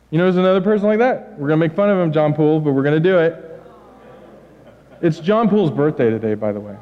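A middle-aged male pastor delivers a lively, joking sermon in a high voice, slipping into quoted lines. The recording is dull and muffled, and a long reverb hangs on every phrase from the church hall. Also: a little fast. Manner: animated, joking, acts out quotes.

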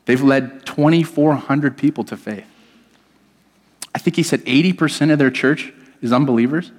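A pastor delivering a sermon to his church, telling a personal story with animated, self-deprecating humor. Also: medium pitch, normal speed. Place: church hall. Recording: reverberant church hall.

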